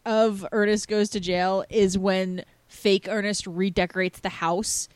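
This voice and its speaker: A woman's voice: mid-range voice, flat delivery, measured pace, smooth, no room sound. Enthusiastic woman on a podcast. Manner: enthusiastic, with many fillers. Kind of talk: casual chat.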